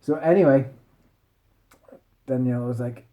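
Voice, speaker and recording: A man's voice: mid-range voice, very animated, normal speed, highs cut off. A man improvising a meandering, playful bedtime story. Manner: playful, meandering, self-interrupting.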